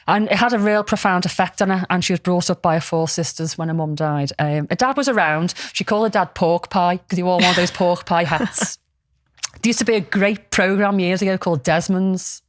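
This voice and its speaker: A woman's voice: fairly low pitch, brisk, no room sound, clean studio sound. A woman, casually telling a story on a podcast, rambling with lots of ums and restarts. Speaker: podcast co-host.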